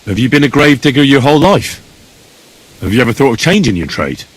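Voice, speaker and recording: A man's voice: medium pitch, very animated, fast, husky, low-quality recording. A curious young man. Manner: inquisitive, earnest. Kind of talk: video game dialogue.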